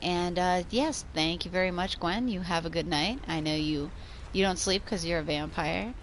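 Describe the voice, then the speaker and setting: A woman's voice: fairly low pitch, moderate pace, slight background noise. A woman chatting casually on a gaming livestream, rambling, swearing freely and laughing often.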